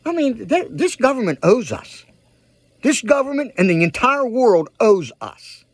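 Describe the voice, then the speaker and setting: With no echo on the track, a very high-pitched man delivers ranting commentary straight to camera as a political vlogger. He's heated and emphatic, repeats points to drive them home, and pushes his viewers to take action.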